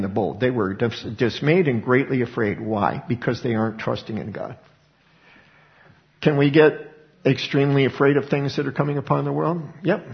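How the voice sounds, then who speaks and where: Middle-aged male pastor, gravelly voice, chatty stop-start preaching, dull lo-fi sound. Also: mid-range voice. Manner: conversational preaching with repeated word restarts. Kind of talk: sermon. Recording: dull lo-fi recording.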